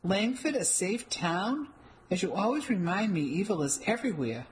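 Confident bossy little sister, brisk and sure of herself, woman reading it. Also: mid-range voice, expressive, a little hiss or hum, voice pushed up, natural voice. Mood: teasing. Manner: brisk, self-assured. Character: confident, stylish younger sister who loves taking charge. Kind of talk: audiobook character reading.

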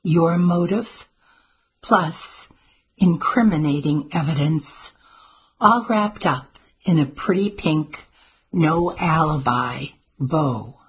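A woman doing a brisk, clever young granddaughter. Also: low-pitched, slightly rough, full character voice. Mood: earnest. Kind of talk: audiobook character voice.

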